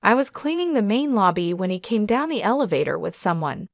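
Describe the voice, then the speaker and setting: A woman's voice: medium pitch, big pitch swings, fairly quick, dry recording. Woman narrating a story, dry close voice. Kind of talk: scripted narration.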